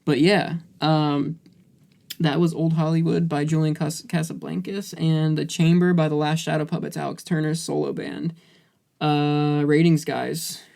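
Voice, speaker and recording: A man's voice: a little high, level tone, measured pace, vocal fry, a little mellow. A man co-hosting a music podcast, talking loosely in casual chat with many fillers and restarts. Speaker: podcast co-host.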